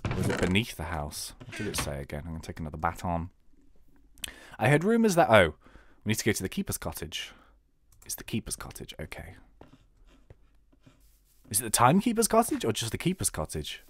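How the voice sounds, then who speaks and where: A man's voice: low voice, very animated, fairly quick, long pauses, fairly bright tone, breathy edge, dry recording. Chatty, joking British young man. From Britain. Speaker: game let's-player. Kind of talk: casual gameplay commentary.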